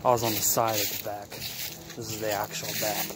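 A man ghost-hunting on camera, excitable, swinging between hushed whispers and loud outbursts. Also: fairly low pitch, normal speed. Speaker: paranormal investigator vlogger. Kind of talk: ghost-hunting vlog commentary. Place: outdoors at night at an abandoned site. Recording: loud outdoor noise with crickets. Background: crickets and insects.

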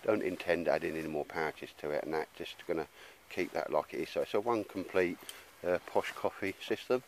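A man with a low voice talks a bit fast as he vlogs about outdoor gear on a handheld camera in the woods, rambling, blokey, and calling people mate, with slight noise in the background.

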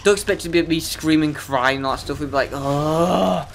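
Young guy swearing his way through a game, sarcastic and self-mocking, voice a bit on the high side. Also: fast, fairly bright tone, a little hiss or hum. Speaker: let's play gamer. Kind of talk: gameplay commentary.

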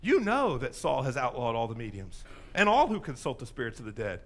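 A man's voice: medium pitch, big pitch swings, fairly quick, fairly bright tone, pitched below the performer's own voice. A man voicing a fearful woman medium who protests she will be caught, in a sermon retelling. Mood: alarmed.

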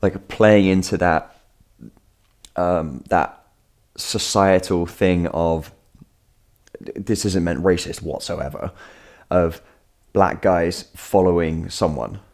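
Brief: low-voiced male vlogger, chatty, meandering, self-mocking humor. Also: takes it slowly, creaky, long pauses, darkish tone. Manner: rambling, self-deprecating anecdote with asides and jokes. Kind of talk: casual storytelling vlog.

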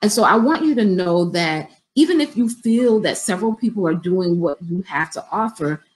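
A woman's voice: fairly low pitch, animated, normal speed, poor audio. A middle-aged woman business coach talking conversationally and directly to her viewers on a live stream, with features.

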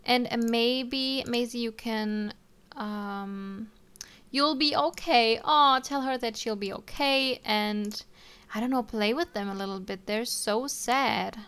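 A woman's voice: on the high side, slow pace, a bit bright, clean tone. A young woman casually commenting on her life-simulation game, chatting to her characters with frequent ums and little laughs. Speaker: let's play streamer.

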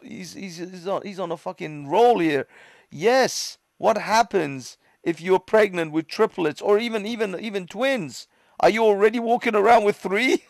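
A man's voice: high voice, a little slow, gravelly, no echo. A man hosting a livestream with a London accent, ranting in casual commentary, swearing and laughing often in a mocking way. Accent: London English. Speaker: livestream host.

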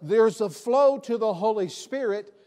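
A man's voice: high voice, expressive, unhurried, dark tone. A male pastor preaching a sermon in a church, emphatic and repeating his key phrases. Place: church sanctuary.

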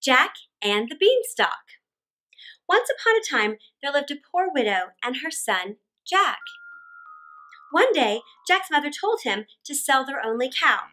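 A woman reading a classic fairy tale aloud for children, expressive and animated, with dramatic gasps. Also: high voice, measured pace. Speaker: children's storyteller. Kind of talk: read-aloud storytelling for children.

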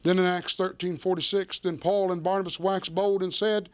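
A man preaching with a fairly high-pitched voice. He reads old-fashioned scripture aloud, then turns and explains it in plain everyday words, addressing his listeners as folks. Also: level tone, moderate pace, hardly any pauses, smooth. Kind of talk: sermon on scripture.

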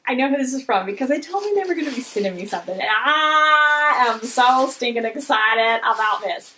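A woman's voice: high voice, moderate pace, a little hiss or hum. A woman, gushing and exclaiming over fan mail in a casual vlog. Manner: gushing, excitable, gasps and squeals. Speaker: vlogger opening fan mail. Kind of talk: casual chat.

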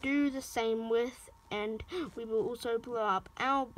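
A woman's voice: fairly high pitch, fairly even intonation, unhurried. A woman telling a casual toy-play story, rambling with fillers and restarts. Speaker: narrator of a toy show.

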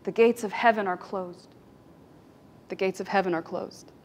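A compassionate old holy rabbi in a spoken folk tale, carried by a woman storyteller. He speaks softly and tenderly in a middle-pitched voice. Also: fairly even intonation, normal speed, a little hiss or hum, natural voice.

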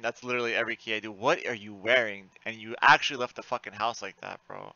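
A man giving live commentary while playing an online game, frustrated and excitable, swearing often with sudden loud outbursts. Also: lowish voice, fast, hardly any pauses, dry recording, lo-fi sound.

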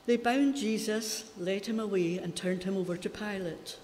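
A woman's voice: mid-range voice, slight background noise. Woman reading scripture in an echoey church. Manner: steady, measured reading aloud. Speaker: scripture reader. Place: church hall.

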